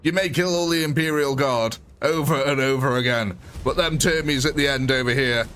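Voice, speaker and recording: Over game music, a man streams live gameplay, joking around with viewers, calling out their names and commentating in a relaxed, chatty way. His mid-range voice is fairly bright and moves at a moderate pace, with slight hiss or hum in the audio.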